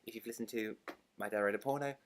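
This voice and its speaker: A young British man chatting excitedly in a casual book vlog, gushing and rambling. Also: fairly low pitch, fast, background noise. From Britain. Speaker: book vlogger.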